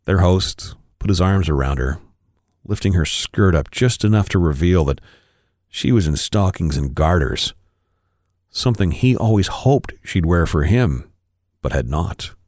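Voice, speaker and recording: A man, a podcast co-host, reading an erotic story aloud with expressive, varied delivery. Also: low voice, a little slow, no echo, studio quality.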